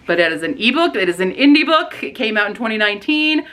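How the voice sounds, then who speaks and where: Animated woman vlogger with lively pitch. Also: fast talker. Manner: animated and excitable, squeals at surprises. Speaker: booktube vlogger. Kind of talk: casual chat, reading book blurbs aloud.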